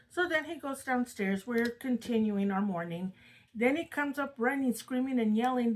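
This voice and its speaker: A woman's voice: high voice, normal speed, poor audio. An older woman casually retelling a spooky true story from her own family, chatty and dramatic. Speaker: storyteller host. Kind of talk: casual spoken ghost story.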